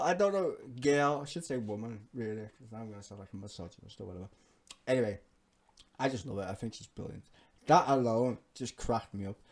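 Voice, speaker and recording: A man's voice: lowish voice, vocal fry, darkish tone. A man giving ranting political reaction commentary, profane, heated and emphatic, often laughing as he talks. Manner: laughs often while talking.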